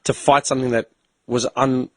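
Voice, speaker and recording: An Australian man hosting a casual chat show, telling stories in a profane, animated way and acting out both sides of conversations. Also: mid-range voice, moderate pace, no room sound. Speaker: podcast host.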